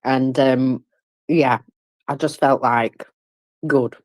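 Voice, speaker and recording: Indignant woman, lively pitch. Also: unhurried, no echo. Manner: indignant, outspoken, wry. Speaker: participant in a live audio chat space. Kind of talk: heated casual chat.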